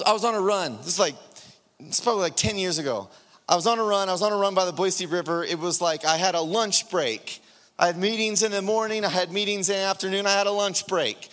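A man preaching a sermon, telling a personal story with animated storytelling and acting out his inner dialogue. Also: high voice. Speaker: pastor. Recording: long hall reverb.

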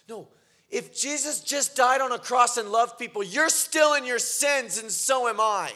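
A man's voice: extremely high pitch, moderate pace. A man preaching a sermon, telling stories and building to fervent, emphatic declarations. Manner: builds from quiet storytelling to fervent shouting. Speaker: pastor.

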